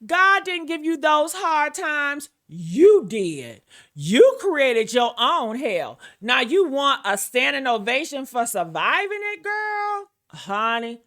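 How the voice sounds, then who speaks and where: A woman's voice: high voice, very animated, slow pace, fairly bright tone. A woman ranting in a sassy, brash and profane gossip commentary, calling her listeners y'all and honey.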